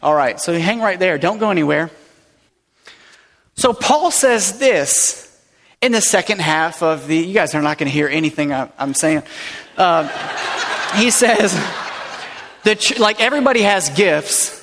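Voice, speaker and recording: A man's voice: fairly high pitch, moderate pace, fairly bright tone, slight background noise. A man pastor giving a sermon in a church, preaching in a playful, conversational way with light asides. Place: church sanctuary. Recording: long reverb in a large hall.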